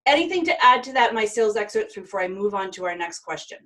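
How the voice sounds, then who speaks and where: A woman's voice: mid-range voice, sing-song, fast, bright, forceful tone, rough recording. A woman from Maine hosting a live virtual sales event over a video call, introducing guests with enthusiasm. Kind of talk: upbeat live webinar hosting.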